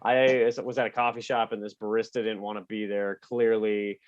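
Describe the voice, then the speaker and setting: A man's voice: fairly low pitch, flat delivery, moderate pace, dry recording, lo-fi sound. A man doing a stand-up comedy set on a club stage, self-deprecating and laughing at his own jokes. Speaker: stand-up comic.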